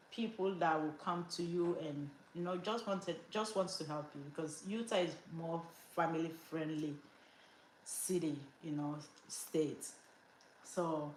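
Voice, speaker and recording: A woman's voice: on the low side, slight background noise. A middle-aged woman from Africa, hosting a lifestyle livestream, telling a story casually with lots of laughs and fillers. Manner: animated, laughs often, many fillers. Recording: roomy echo.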